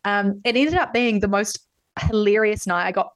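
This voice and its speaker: A woman's voice: mid-range voice, moderate pace. Candid, swearing woman telling stories. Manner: candid, swears freely, storytelling. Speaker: podcast host. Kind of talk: casual podcast chat.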